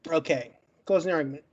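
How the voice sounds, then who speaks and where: A debate guest on a podcast gives his closing argument in a fairly high, slightly rough voice, and the audio sounds dull. He stutters and gets stuck on words while firing off his points argumentatively in rapid lists.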